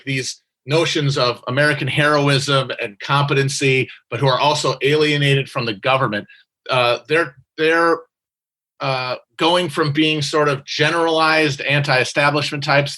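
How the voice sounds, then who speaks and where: A man with a bright, forceful voice analyzes politics on a podcast. He thinks aloud, stumbling over fillers and restarting phrases as he builds his point. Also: mid-range voice. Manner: halting, filler-heavy analytical musing. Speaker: podcast co-host. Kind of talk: casual political commentary.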